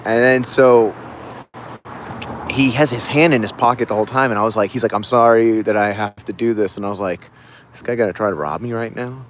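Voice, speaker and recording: Rambling excited man on a city street. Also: on the low side, a little fast, a little hiss or hum. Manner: rambling, excited, heavy on fillers. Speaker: livestream host. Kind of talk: casual live street storytelling.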